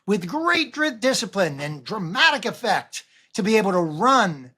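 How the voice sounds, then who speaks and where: A man in his sixties who runs a running vlog, talking casually and rambling to camera, with animated swings and frequent restarts. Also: high-pitched, moderate pace, husky. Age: 60s. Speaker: running vlogger.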